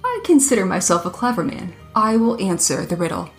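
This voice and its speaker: A woman doing a clever, calm young soldier. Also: medium pitch, a little fast, soft background music. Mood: dry. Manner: calm, dry and thoughtful.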